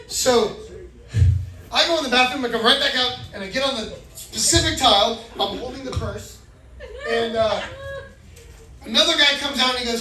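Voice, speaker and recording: A middle-aged man from Florida doing an animated stand-up set, acting out voices and shouting punchlines. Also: very high-pitched, a little slow, long pauses. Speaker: stand-up comedian. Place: comedy club stage. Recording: echoey club recording from far off, crowd laughter. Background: audience laughter.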